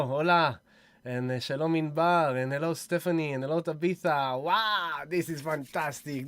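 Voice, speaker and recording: A man's voice: fairly high pitch, smooth, dry recording. A man hosting a casual livestream, effusive and whooping as he greets viewers one by one. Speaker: livestream host.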